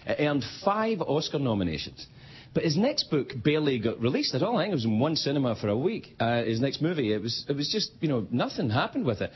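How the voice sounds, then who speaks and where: A man's voice: medium pitch, sing-song, fast talker, breathy edge. A man, a late-night talk show host, delivering a jokey stand-up monologue and acting out voices in the quotes. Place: television studio with live audience. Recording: dull broadcast audio with loud audience. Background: audience laughter.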